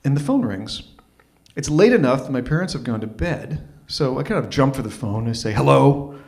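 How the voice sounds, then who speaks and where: A man's voice: medium pitch, fairly quick. Wry man telling a story. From Toronto, Canada. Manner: wry, animated, self-mocking. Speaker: storyteller, open mic host. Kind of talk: live storytelling. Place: stage at a live open mic.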